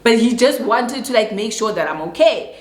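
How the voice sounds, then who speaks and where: A woman's voice: fairly high pitch, normal speed. A young South African woman telling a storytime tale to her viewers, acting out voices and mixing in local words. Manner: animated storyteller, acts out quoted voices and mixes in local words. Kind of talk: storytime vlog. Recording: echoey room.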